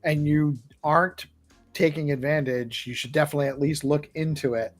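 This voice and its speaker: A man's voice: fairly high pitch, fairly even intonation, brisk, faint music behind. A man hosting a casual live audio chat, upbeat and enthusiastic. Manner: upbeat, enthusiastic, laughs often. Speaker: host.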